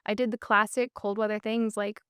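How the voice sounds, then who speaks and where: A woman's voice: medium pitch, little pitch movement, a little fast, fairly bright tone, clean tone, dry recording, clean studio sound. A woman with a Minnesota accent, a podcast guest telling her story in an upbeat, fluent way with frequent "um" and "and so.". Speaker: podcast guest, business co-founder. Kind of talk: casual interview conversation.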